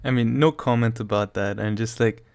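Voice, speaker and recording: A man's voice: medium pitch, steady tone, vocal fry, a little mellow, clear, resonant tone. Chatty man co-hosting a news talk. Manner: loose and chatty, lots of "like" and "I mean", quick laughs. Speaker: co-host of a news discussion show. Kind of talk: casual political chat.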